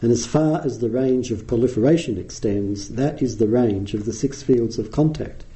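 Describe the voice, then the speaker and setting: A middle-aged Australian man giving a dharma talk as a meditation teacher, explaining in an unhurried way with frequent ums. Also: mid-range voice, mellow, rough recording.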